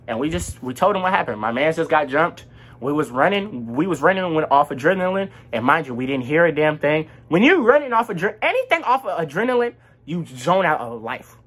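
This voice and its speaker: Husky young man telling a wild story. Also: fairly high pitch. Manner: animated, slangy storytelling that acts out the dialogue. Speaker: vlogger. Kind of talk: casual storytime vlog.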